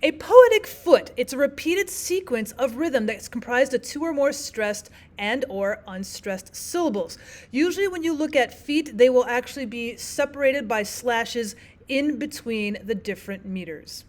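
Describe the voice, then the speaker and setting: A woman teaching a recorded lesson, explaining terms step by step in a clear, methodical way and repeating the key points. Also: fairly high pitch, expressive, measured pace.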